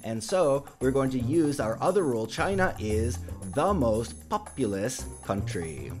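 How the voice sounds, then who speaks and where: A man teaching an English lesson to learners, speaking slowly and stressing words carefully. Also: mid-range voice, big pitch swings, darkish tone, faint music behind. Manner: slow, careful pronunciation with emphatic stress.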